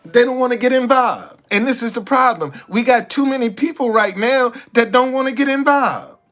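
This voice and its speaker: A man's voice: very high voice, normal speed, fairly bright tone. A man giving an impassioned, sarcastic monologue, stumbling over repeated words as he preaches. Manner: sarcastic, repetitive stammering restarts, preachy. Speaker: street activist vlogger. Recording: faint music behind.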